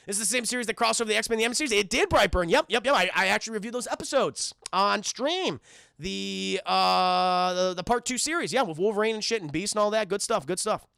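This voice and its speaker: A man casually recapping a cartoon episode for live-stream chat, swearing often and talking in animated bursts. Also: high voice, fairly quick, gravelly, smooth, no echo, studio quality. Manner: profane, animated, talks to chat.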